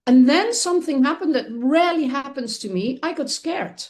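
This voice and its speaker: A woman telling a personal story as a guest on a talk show, earnest and expressive, often restarting her sentences. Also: high-pitched, moderate pace.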